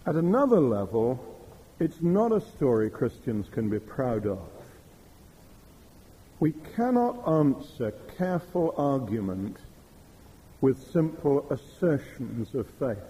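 A middle-aged man preaching a sermon, telling stories in a measured way. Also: medium pitch, big pitch swings, mellow, poor audio. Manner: measured storytelling with quoted Russian phrases.

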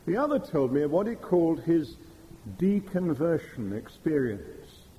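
A middle-aged man preaching a sermon, telling stories in a measured way. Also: a little high, sing-song, dark tone, rough recording. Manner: measured storytelling with quoted Russian phrases.

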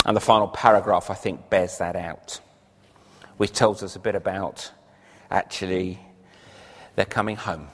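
A man's voice: low-pitched, fairly even intonation, normal speed, fairly bright tone, a little hiss or hum. Guy preaching in a church, earnest, pushes up on the big lines, echoey hall. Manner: earnest, rising emphasis on key phrases. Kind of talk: sermon. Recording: long reverb of a large hall.

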